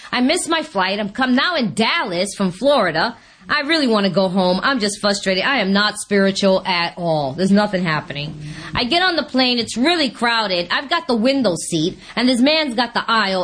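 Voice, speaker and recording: A woman giving a personal testimony at a recovery meeting, telling stories in an animated way and acting out her own lines. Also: on the high side. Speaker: speaker sharing at a recovery meeting.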